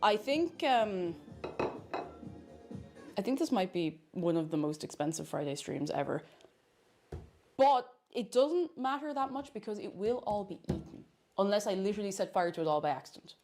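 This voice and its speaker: A woman's voice: medium pitch, animated, moderate pace, long pauses, darkish tone, faint music behind. A woman streamer chatting casually and playfully while she cooks, rambling from one thought to the next. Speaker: cooking streamer.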